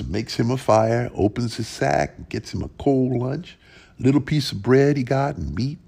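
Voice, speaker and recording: Male storyteller, gravelly and husky, folksy delivery with lots of pitch movement. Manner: plain, unhurried folksy telling with lively rises. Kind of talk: folk tale storytelling.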